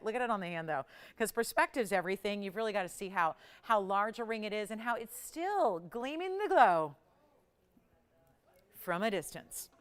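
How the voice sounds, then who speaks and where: A woman's voice: mid-range voice, a bit bright, clean tone. A middle-aged woman hosting a live jewelry sales show, bubbly and persuasive, laughing often as she urges viewers to call. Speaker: shopping channel host.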